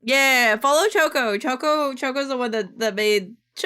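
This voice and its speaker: Excitable high-voiced woman streamer. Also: normal speed, hardly any pauses, smooth. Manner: excitable, gushing squeals, swearing, muttering to herself. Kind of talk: casual live-stream chat.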